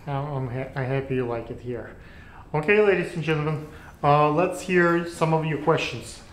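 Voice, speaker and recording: Man with a heavy Russian accent. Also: on the high side. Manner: halting, many fillers and restarts. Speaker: podcast host. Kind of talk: casual interview. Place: production studio room. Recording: roomy echo.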